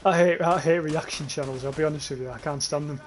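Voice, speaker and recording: A man's voice: fairly high pitch, fairly even intonation, fast talker, a little hiss or hum. A young man streaming a shooter game, rambling and swearing as he reads chat aloud and laughs at it. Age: young adult. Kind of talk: casual livestream commentary while playing.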